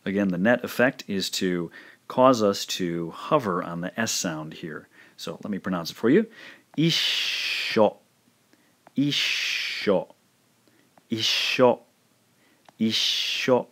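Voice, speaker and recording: A man narrating a recorded language lesson, speaking slowly and carefully and repeating each pronunciation. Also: sits low, expressive. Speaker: language teacher.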